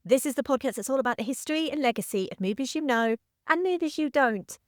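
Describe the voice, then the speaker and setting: A woman's voice: sits high, animated, fast talker, hardly any pauses, no echo, studio quality. Earnest woman hosting a film podcast. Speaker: podcast host. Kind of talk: scripted podcast narration.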